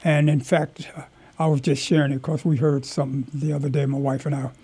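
An older man, a community elder, telling stories from his life in an animated, emphatic way as an interview guest. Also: a little high, a little fast, slightly rough. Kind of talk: storytelling in conversation.

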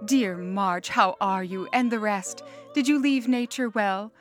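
A woman who is a guest reader, giving a measured and clear reading of poems. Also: medium pitch, music in the background. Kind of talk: poetry reading.

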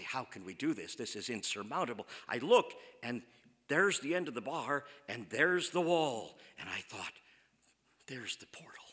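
A man telling a funny personal story on stage, self-mocking and animated. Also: medium pitch, in a large hall. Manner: animated, self-mocking, acts out quoted voices. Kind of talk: comic live storytelling.

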